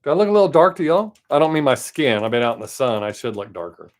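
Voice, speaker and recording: A man with a Southern accent chats casually on his live stream from home. His talk rambles and wanders from one thing to the next, and he tries to keep it quick. His voice sits at an ordinary middle pitch. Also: sing-song.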